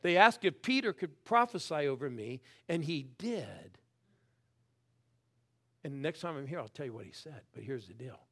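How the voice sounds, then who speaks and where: A man in his sixties preaching a sermon, swinging from loud calls to the crowd down to soft, hushed lines. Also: on the high side, sing-song, moderate pace. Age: 60s. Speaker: guest preacher.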